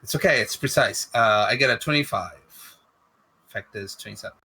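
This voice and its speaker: A low-voiced man with a bright, forward tone plays a tabletop game. He talks through his character's moves in a halting way, restarting words as he goes. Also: husky. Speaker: player. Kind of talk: tabletop role-play.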